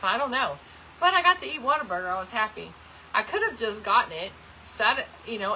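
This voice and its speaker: A woman's voice: mid-range voice, pushed and bright, slight background noise, rough recording. A woman hosting a craft livestream, chatting casually and rambling as she greets viewers by name. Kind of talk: casual chat while crafting, reading viewer comments.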